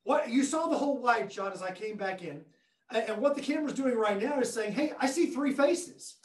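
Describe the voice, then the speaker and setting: A fairly high-voiced man gives a lively webinar demonstration from his classroom, cracking jokes and addressing the audience directly. His voice is picked up by conference microphones across the room, so it carries an echoey, roomy sound. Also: brisk. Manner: enthusiastic, joking, talks to viewers directly. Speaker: education technology presenter. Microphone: room conference microphones at a distance.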